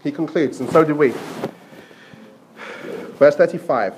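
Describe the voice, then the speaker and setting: A man's voice: a little high, a little slow, pauses often, a little mellow, slight background noise. A male pastor preaching a sermon, telling stories playfully and repeating himself often.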